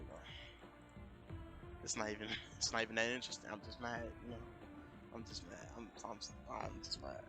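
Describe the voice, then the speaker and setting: A man telling a story in a casual, animated rant on a live stream, often jumping into raised voices to quote people. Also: lowish voice. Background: music.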